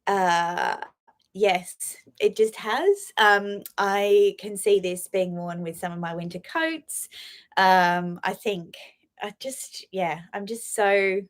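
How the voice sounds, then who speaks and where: A woman hosting a casual live stream about her fashion finds, gushing and emotional, with lots of laughs and fillers. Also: medium pitch.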